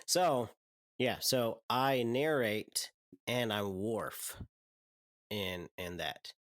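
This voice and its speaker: A man's voice: fairly low pitch, lively intonation, drawn-out words, a bit bright, no room sound, clean studio sound. A man chatting as a podcast guest, hesitant and trailing off with frequent ums. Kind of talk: casual chat.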